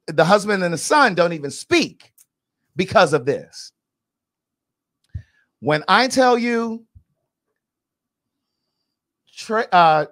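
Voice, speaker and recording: A woman hosting a podcast, giving blunt, profane pop-culture commentary in a casual, emphatic way. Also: lowish voice. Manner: blunt, outspoken, profane gossip; animated and emphatic. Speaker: podcast host.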